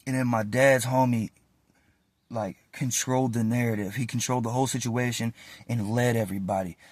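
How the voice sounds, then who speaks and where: Recounting events in casual storytime mode, a man talks fairly quickly with an ordinary middle-pitched voice. His animated retelling is loose, slangy, and heavily profane, and the sound is close and dry with no room echo.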